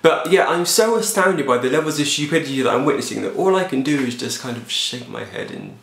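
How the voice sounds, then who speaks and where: A man hosting a fitness vlog, giving sarcastic and animated commentary on news stories. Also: a little high, fairly quick, creaky, reverberant, slight background noise. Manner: animated, sarcastic, jumps into silly voices. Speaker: fitness show host.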